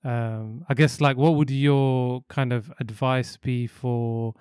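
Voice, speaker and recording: A man's voice: medium pitch, steady tone, slow pace, darkish tone, clean tone, no room sound, clean studio sound. A man hosting a casual interview podcast, asking rambling questions with many fillers. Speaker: podcast host.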